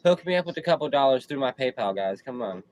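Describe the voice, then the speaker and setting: A man's voice: mid-range voice, animated, quick pace, a little mellow, rough recording. A man hosting a casual live stream, chatting in a slangy, laid-back way and often repeating himself. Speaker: livestream host.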